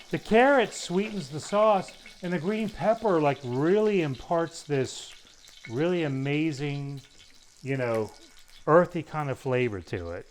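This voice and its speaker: Animated chef telling kitchen stories. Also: male voice, fairly high pitch, slight background noise. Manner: animated storyteller, acts out quoted voices. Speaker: guest chef. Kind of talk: live cooking show banter. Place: live studio kitchen with audience.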